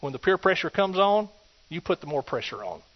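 A man preaching a sermon, swinging between loud exhortation and hushed asides. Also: high-pitched, big pitch swings, a little fast. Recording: dull lo-fi recording.

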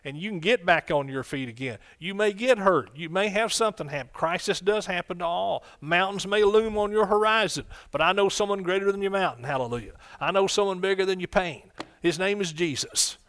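A man preaching a sermon as pastor, exuberant, with bursts of shouted exclamations. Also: high-pitched, fairly quick.

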